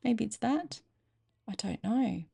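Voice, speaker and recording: Gravelly Australian woman chatting casually. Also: a little high, expressive, takes it slowly, dark tone. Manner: chatty and self-mocking, thinks aloud. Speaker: channel host reading aloud. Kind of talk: casual chat to camera.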